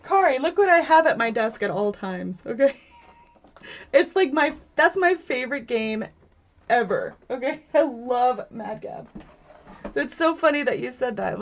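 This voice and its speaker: A woman in her thirties hosting a casual craft livestream from home, chatting and laughing with viewers and reading their comments aloud. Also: on the high side. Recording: dull lo-fi stream audio.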